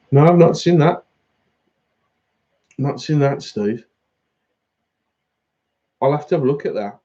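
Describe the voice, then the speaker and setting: A man's voice: lowish voice, mellow, lo-fi sound. A man hosting a fishing channel, chatting casually on a live stream, laughing often and reading out viewer comments.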